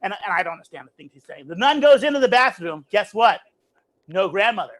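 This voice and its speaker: A man's voice: sits high, very animated, a little fast, fairly bright tone. A man doing a comedy routine over a video call, telling a long story, acting out voices and laughing at his own jokes.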